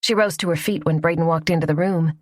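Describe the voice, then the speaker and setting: A woman narrating a romance audiobook in a soft, even storytelling voice. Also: deep voice, quick pace, no echo, studio quality.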